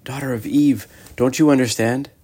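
A man's voice: medium pitch, steady tone, moderate pace, a little mellow, husky, close to an everyday voice. A man voicing a sorrowful, guilt-ridden male faun who sobs and pleads. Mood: remorseful. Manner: sobbing, tearful, pleading.

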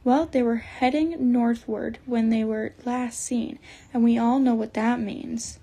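A woman's voice: fairly high pitch, fairly even intonation, a little slow, dark tone, breathy edge. A woman voicing a gloomy, homely male beaver in an audiobook, with a grave, solemn way of talking. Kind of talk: audiobook character reading.

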